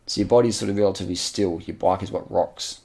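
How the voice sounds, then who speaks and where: Over race footage, a man with a deep, gravelly voice speaks fast and excitedly, in a loose style like he's talking to a friend. He's repetitive, slangy, and casually profane as he hosts his channel.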